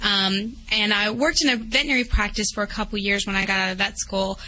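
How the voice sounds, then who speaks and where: A veterinarian from West Virginia talks about her work in a chatty radio interview. She has a Southern accent. Her voice is bright and forward. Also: mid-range voice, fairly even intonation, fast talker, slight background noise, rough recording. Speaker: veterinarian guest. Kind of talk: phone-in interview.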